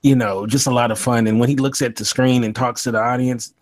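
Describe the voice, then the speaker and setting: A man's voice: mid-range voice, fairly even intonation, fairly quick. A man hosting a casual panel podcast, talking animatedly with frequent laughs and fillers. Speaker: podcast host.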